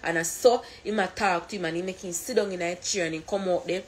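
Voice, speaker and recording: A woman with a Jamaican accent telling an animated storytime rant, heavy on swearing and patois. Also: fairly low pitch, quick pace, slight background noise.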